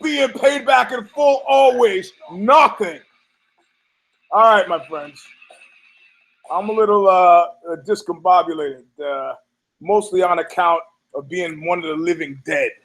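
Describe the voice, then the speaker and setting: A man's voice: on the high side, a little slow, long pauses, fairly bright tone. A man hosting a solo podcast, rambling in a sardonic, profane way with many restarts. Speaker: podcast host. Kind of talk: casual solo podcast monologue.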